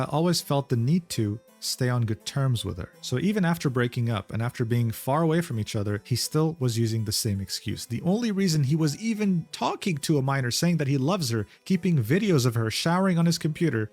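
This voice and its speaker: A man's voice: mid-range voice, animated, fairly quick, few pauses, darkish tone, faint music behind. A man narrating a drama commentary video, reading out messages with sardonic asides.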